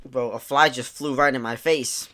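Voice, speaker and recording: A man's voice: medium pitch, steady tone, moderate pace, pushed and bright, dry recording, clean studio sound. A man giving laid-back, sarcastic commentary as he reads out online messages, swearing casually and mocking what he reads. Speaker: YouTube commentator.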